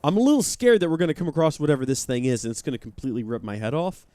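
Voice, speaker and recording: A man's voice: fairly high pitch, very animated, very fast, mellow, clean tone, no echo. A man chatting and joking while playing a game live, talking to his viewers. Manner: chatty, joking, reads chat aloud. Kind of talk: live let's-play commentary.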